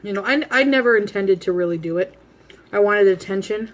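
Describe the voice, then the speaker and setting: A woman in her thirties tells a long personal story straight to camera in a casual, rambling way. She is blunt and laughs at herself, talking between bites of food. Her voice sits at a middle pitch. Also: fairly quick, loud music behind the voice. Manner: eating while talking. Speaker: vlogger.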